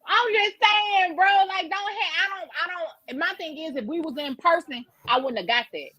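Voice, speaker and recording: A woman co-hosting a podcast, telling a story in a brash, profane, animated way. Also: very high-pitched, moderate pace, no room sound. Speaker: podcast co-host. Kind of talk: casual storytelling chat.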